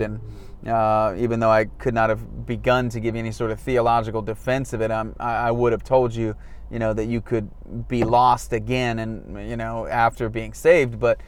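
Candid man talking in his car. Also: mid-range voice. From Florida, US. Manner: candid, self-deprecating, acts out quoted dialogue. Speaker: former evangelist recounting his past. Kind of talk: casual reflective monologue. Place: in a car in traffic.

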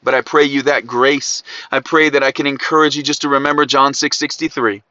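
A man with an Ohio accent preaching a podcast sermon, swinging from loud emphatic peaks to quiet asides. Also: medium pitch, steady tone, brisk, dry recording, dull audio.

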